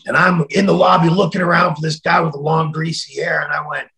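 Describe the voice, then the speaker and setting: Gravelly, animated male storyteller. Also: on the high side, brisk, low-quality recording. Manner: animated storyteller, acts out quoted voices with shouts. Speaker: interview guest. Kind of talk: storytelling in a shoot interview.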